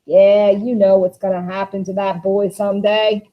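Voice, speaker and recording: A woman's voice: mid-range voice, level tone, moderate pace, close to an everyday voice. A woman voicing Walter, a bitter, scheming young man, in a dramatic play reading with a raised, impassioned voice, on a dull lo-fi recording.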